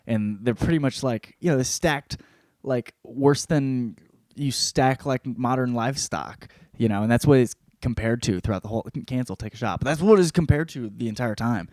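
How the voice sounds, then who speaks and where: A man hosting a podcast, rambling through a casual book review with constant swearing and animated storytelling. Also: medium pitch, moderate pace, no echo, studio quality. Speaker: podcast host.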